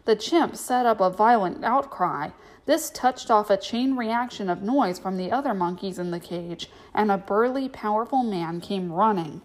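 A woman narrating a children's storybook aloud in a steady storytelling manner. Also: medium pitch, normal speed.

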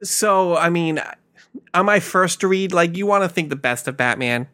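Podcast co-host guy, kinda high voice, laid back, lots of "like" and "um". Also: moderate pace. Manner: relaxed, filler-heavy. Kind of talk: casual chat about comics.

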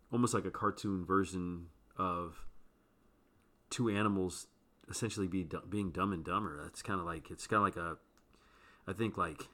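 A man talking as a podcast guest in a relaxed, rambling way, full of fillers. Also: low voice. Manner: loose and rambling, with many fillers. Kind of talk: casual chat.

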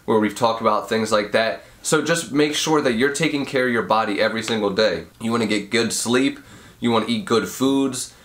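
Young male podcast host, sick and nasal, slightly low voice, laid-back mumbly delivery. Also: moderate pace, a bit bright. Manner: mumbly, can't fully open mouth. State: sick with a cold, sniffling, nasal. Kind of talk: casual advice podcast.

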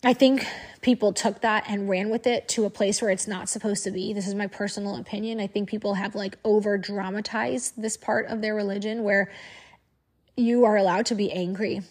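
A woman speaks straight to her followers in a candid to-camera monologue. She is outspoken and emphatic, with a voice of middling pitch, and she drives her points home by repeating phrases. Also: steady tone, normal speed. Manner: frank and outspoken. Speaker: social media creator.

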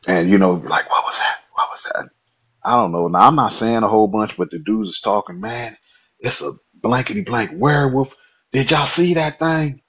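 A man guest telling a personal story in a lively, colloquial way. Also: fairly low pitch, dull audio.

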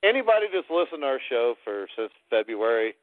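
A man's voice: mid-range voice, very animated, a little fast, no echo. A man co-hosting a sports talk podcast, rambling and playing up mock self-pity as he banters with his friends. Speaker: podcast co-host. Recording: tinny phone-like dry line.

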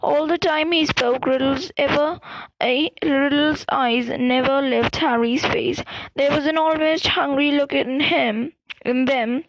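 A woman reading a novel aloud as an audiobook reader, in even storytelling narration with small slips. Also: sits high, measured pace, low-quality recording.

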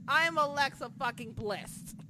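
Excitable foul-mouthed woman podcast host. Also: high-pitched, slow pace, background noise. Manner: excitable, profane, jumps between shouting and muttering. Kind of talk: casual recap chat.

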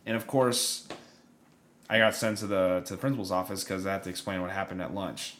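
A man's voice: deep voice, fast talker. Young man telling a story in casual chat. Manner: animated storyteller, many fillers and restarts. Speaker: podcast co-host.

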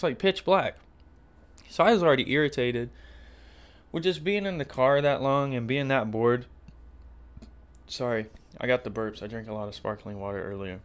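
A man hosting a podcast, telling a profane, exasperated story in a casual rant. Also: mid-range voice. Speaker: podcast host. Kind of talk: casual ranting monologue.

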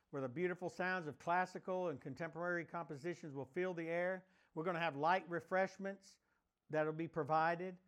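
High-voiced preacher, emphatic. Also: male voice. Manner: emphatic, exhorting, leads the congregation in repeated declarations. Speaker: pastor. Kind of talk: sermon with call-and-response declarations. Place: church sanctuary, also streamed online.

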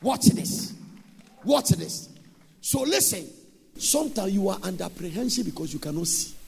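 A man preaching a sermon in an emphatic, sing-song way with sudden loud bursts. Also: sits high, big pitch swings, normal speed, gravelly, background noise.

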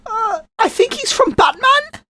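Squeaky cheeky chimney sweep boy. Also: big pitch swings, unhurried, pushed and bright, full character voice. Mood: hesitant. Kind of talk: improvised comedy audio play.

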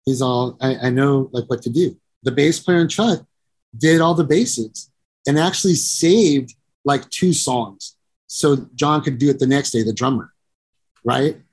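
A middle-aged musician and producer speaks a little slowly, his medium-pitched voice darkish and husky. During a casual interview he tells long profane stories in a rambling way, performs the voices of the people in them, and keeps saying "you know."

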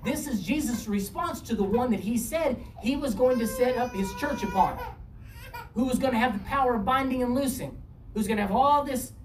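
A woman preaching a sermon, reading scripture aloud and acting out dialogue with a shifting pitch. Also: darkish tone, a little hiss or hum. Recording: roomy echo, distant from mic, faint ambience.

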